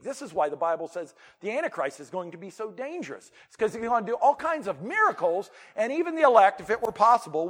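A pastor preaching a sermon, swinging between loud, emphatic passages and quiet, low asides. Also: male voice, in a large hall.

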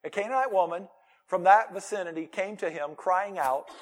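A man preaching a sermon as pastor, animated and emphatic, with conversational asides to the congregation. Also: high-pitched, normal speed.

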